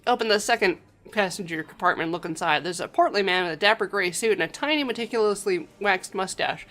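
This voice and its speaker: A woman's voice: medium pitch, fast talker, a bit bright. Wry woman streamer reading game text. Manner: wry, joking asides. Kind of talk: casual game commentary and reading aloud.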